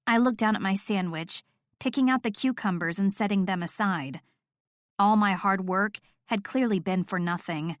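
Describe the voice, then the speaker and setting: A woman's voice: medium pitch, moderate pace, dry recording, clean studio sound. Wry woman reading a romance audiobook. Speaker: audiobook narrator. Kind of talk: first-person romance narration.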